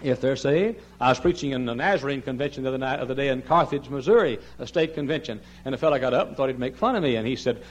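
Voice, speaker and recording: Impassioned older preacher, pleading then shouting. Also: male voice, medium pitch, animated, fast, few pauses. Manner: impassioned preaching that swings from soft pleading to loud cries. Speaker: pastor. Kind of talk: sermon. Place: large church sanctuary.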